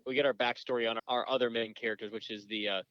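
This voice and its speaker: A man co-hosting a podcast, walking through a movie plot in an easygoing way with plenty of fillers. His voice sits at a middle pitch. The sound is dry and slightly dull. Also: steady tone, fast talker, no room sound. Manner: easygoing, filler-heavy summarizing. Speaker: podcast co-host. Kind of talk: casual movie discussion.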